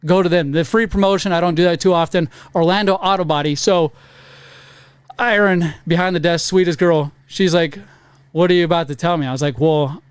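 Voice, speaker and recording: A man on a casual podcast, telling a profane story with animated acted-out quotes. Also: high voice, normal speed, smooth, dry recording. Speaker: podcast co-host. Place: podcast studio.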